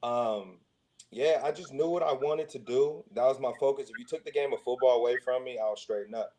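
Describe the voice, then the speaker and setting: A man trades casual stories as a podcast guest, and he keeps acting out what the people around him said. His pitch sits in the middle for a man. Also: a little fast, a little hiss or hum. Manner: lively anecdotes, acting out quoted voices. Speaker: guest, former football player and coach. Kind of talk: casual storytelling.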